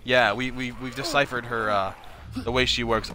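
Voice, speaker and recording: A man's voice: mid-range voice, steady tone, fairly quick, sharp tone. A young man livestreaming a charity fundraiser, joking, profane and self-mocking in casual chat.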